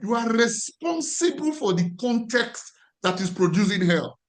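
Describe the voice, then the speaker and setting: Animated Nigerian man teaching a class. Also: very high voice, unhurried. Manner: emphatic, repeats key phrases. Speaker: life coach teaching a class.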